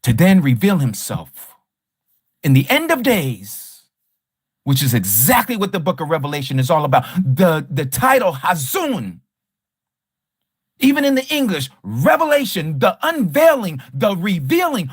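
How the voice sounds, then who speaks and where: Very animated and slightly rough, a man teaches scripture on a livestream at a measured pace, his pitch swinging widely. This Bible study teacher hammers points emphatically with rhetorical, repeated questions and is combative toward a rival teacher. The audio is dry and close, with no echo or room sound.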